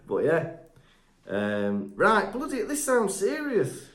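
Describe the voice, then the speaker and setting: A man co-hosting a podcast in casual chat, jokey and quick to laugh, making up mock quotes. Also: high-pitched, huge pitch swings, a bit bright. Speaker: podcast co-host. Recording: roomy echo.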